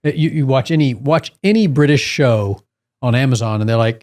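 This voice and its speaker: A man's voice: mid-range voice, a little fast. A man co-hosting a casual beer podcast, telling stories and laughing often. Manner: animated storyteller, laughs often. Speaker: podcast co-host. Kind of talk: casual chat.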